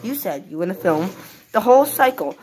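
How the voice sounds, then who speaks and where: A woman's voice: medium pitch, very animated, a little fast, a little mellow, soft background music, lightly acted. A woman putting on the voice of Teddy, a whiny little boy who gets upset easily, pouting and demanding in a skit.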